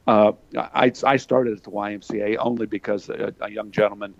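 With a lowish, creaky voice and a steady tone, this older Pennsylvania man talks a little fast. A former wrestler appearing as an interview guest, he spins folksy stories packed with fillers, heard through a dry, dull recording.

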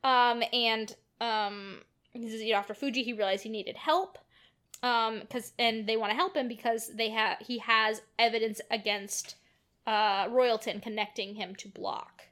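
A woman's voice: a little high, steady tone, a little slow, fairly bright tone. A woman co-hosting a podcast, casually retelling film scenes with lots of fillers. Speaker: podcast co-host. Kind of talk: casual film recap chat.

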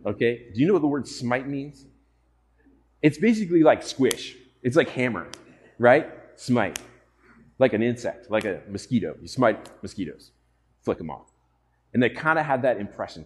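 An earnest male pastor preaching to his congregation at a middle pitch. He keeps turning to the room with direct questions. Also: lively intonation, moderate pace. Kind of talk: sermon.

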